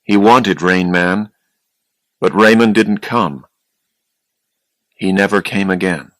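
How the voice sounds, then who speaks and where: A man reading an audiobook in a plain, unhurried manner. His voice sits low and the pace is very slow. The recording is dry and close, with no room sound. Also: fairly bright tone, no echo, low-quality recording. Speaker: audiobook narrator. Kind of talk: scripted audiobook narration.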